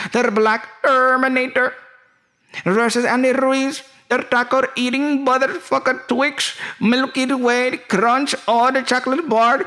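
A man putting on the voice of a boastful, oil-rich middle-aged man who talks in a showy, drawn-out way. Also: very high-pitched, bright, forceful tone, voice pushed up, exaggerated voice.

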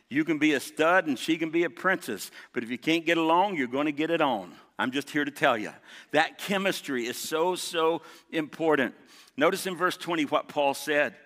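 A man with a slightly high, somewhat bright voice preaches as pastor in a large church sanctuary. He is emphatic, restating key points and calling on the congregation to respond, and the recording carries the long reverb of a big hall.

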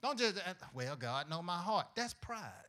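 High, bright-voiced preaching man. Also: sing-song, a little slow. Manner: call-and-response preaching with questions to the congregation; folksy, humorous delivery with acted-out prayers. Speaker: pastor. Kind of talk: sermon to young people.

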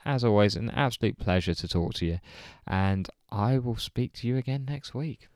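A man hosting a podcast in a relaxed, hesitant way, with many fillers. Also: mid-range voice, normal speed, no echo, clean studio sound. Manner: relaxed, hesitant, chuckling along. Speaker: podcast host. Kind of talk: casual chat.

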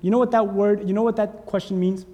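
A man's voice: high voice, fairly even intonation, fast, warm tone, big-room sound. A male pastor preaching a sermon, urging his congregation with fervent call-and-response.

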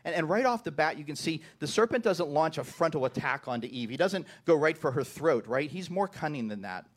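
A man's voice: a little high, expressive, fairly quick. A man preaching a sermon to his congregation. He often repeats the first words of a phrase and keeps asking "right?". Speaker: pastor.

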